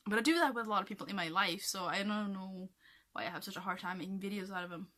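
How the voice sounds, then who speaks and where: A woman's voice: medium pitch, fast talker, a bit bright. A young woman from Norway chatting to camera in a rambling vlog, full of fillers like "like" and "um". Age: young adult. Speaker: vlogger. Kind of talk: casual chat to camera.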